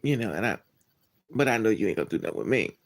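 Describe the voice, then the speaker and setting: A man hosting a livestream, telling a personal story to his viewers in a candid, animated, blunt way. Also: on the low side, quick pace. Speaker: livestream host. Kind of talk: casual storytelling to a live chat.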